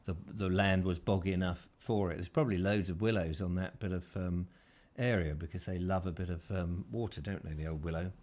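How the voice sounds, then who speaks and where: A man's voice: low-pitched, fairly even intonation, a little fast, few pauses, a little mellow. A man hosting a casual chat show, rambling and hesitant, full of fillers and restarts. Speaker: host.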